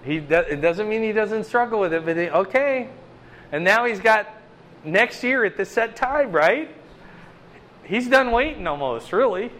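Man, high voice, bible study leader, conversational, quizzes the group. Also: animated, a little slow, a bit bright. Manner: chatty, asks the group questions.

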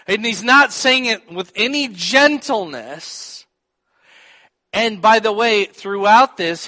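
A man's voice: sits high, bright, forceful tone, long reverb tail. A man preaching a sermon, teaching and putting questions to his listeners. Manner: teaching, asks the audience questions.

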